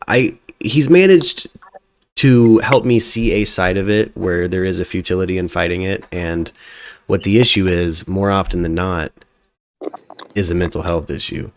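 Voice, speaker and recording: Low-voiced man, profane rambling host. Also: normal speed, dry recording. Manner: profane, rambling, stumbles over words. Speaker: radio show host. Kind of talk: casual podcast chat.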